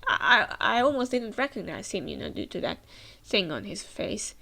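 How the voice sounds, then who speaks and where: A woman's voice: medium pitch, sing-song, moderate pace, creaky, bright, forceful tone. A woman hosting a manga reaction, chatting as she reads the panels aloud. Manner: chatty, with frequent fillers and restarts. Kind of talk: reading manga aloud with comments.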